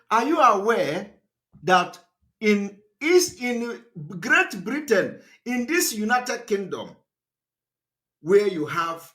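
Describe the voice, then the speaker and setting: Guy doing a live political broadcast, high voice, keeps asking the audience questions, lots of restarts. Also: fairly bright tone. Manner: emphatic, repetitive, asks the audience rhetorical questions; fillers and restarts, pitch swings up and down.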